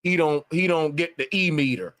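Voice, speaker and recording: A man's voice: on the high side, moderate pace, a bit bright. A man on a livestream, ranting emphatically with a lot of profanity and repetition. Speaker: live streamer. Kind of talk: casual livestream rant.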